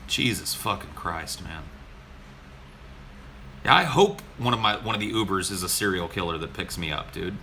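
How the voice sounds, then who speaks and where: A man's voice: low voice, lively intonation, normal speed, pauses often, sharp tone, slight background noise. A man co-hosting a podcast, telling a story in a casual, exasperated way, swearing often. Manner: profane, exasperated. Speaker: podcast co-host.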